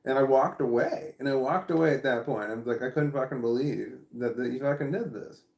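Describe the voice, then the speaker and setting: A man's voice: medium pitch, brisk, creaky, a little mellow, reverberant. A man telling a casual story to the camera. He rambles, repeats himself and swears often. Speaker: vlogger.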